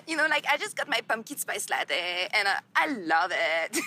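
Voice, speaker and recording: A woman's voice: fairly high pitch, sing-song, takes it slowly, bright, forceful tone, exaggerated voice. A French woman putting on a gushing TV-show girl. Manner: gushing, giggly. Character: bubbly stereotypical young American TV girl.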